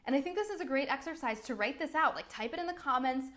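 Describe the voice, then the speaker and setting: A woman's voice: high voice, animated, quick pace, a bit bright. A young woman, a business coach, giving an upbeat, chatty talk full of "like"s. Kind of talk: live-streamed coaching talk.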